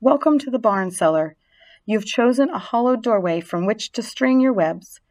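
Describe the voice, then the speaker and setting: A woman's voice: fairly high pitch, animated, normal speed, darkish tone, voice pushed up, natural voice, low-quality recording. An earnest, tender young pig from a storybook, lonely at heart and speaking in a raised, hopeful voice, as a woman reader puts him on. His words come sincere and a little pleading. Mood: solemn. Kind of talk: storybook reading.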